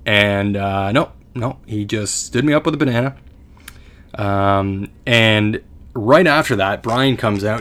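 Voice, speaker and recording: Speaking at a moderate pace in a lowish, somewhat bright voice, a young Canadian podcast co-host spins a lengthy, casual tale. He rambles, makes himself the butt of jokes, and restarts many times.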